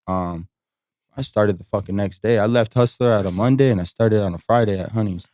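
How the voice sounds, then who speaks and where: A man with a somewhat low voice chats on a podcast, rambling through stories laced with swearing. He acts out what others said as he goes. The sound is dry and close. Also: brisk, warm tone, dry recording. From Las Vegas. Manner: rambling storytelling, swears a lot, acts out quotes. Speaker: podcast guest, strip club host. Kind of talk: casual podcast chat.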